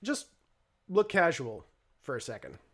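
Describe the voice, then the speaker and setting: A man's voice: on the high side, wildly swooping pitch, a little slow, vocal fry, fairly bright tone, slightly rough, full character voice. A man voicing a brash, smug teenage boy in a leather jacket during a tabletop role-play game. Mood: sly.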